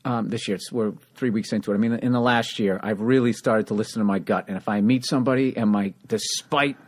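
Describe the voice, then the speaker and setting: A man's voice: lowish voice, steady tone, fast. A man around fifty hosting a podcast, talking in a candid, chatty way and swearing casually. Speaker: podcast host. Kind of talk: casual interview chat.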